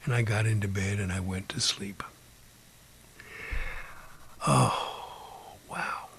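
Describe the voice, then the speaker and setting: A man telling his own ghost story in an unhurried way, sometimes dropping to a whisper and imitating beeping sounds. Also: on the low side, flat delivery, a little hiss or hum. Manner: drops to a hushed whisper at times. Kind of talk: personal ghost story told aloud.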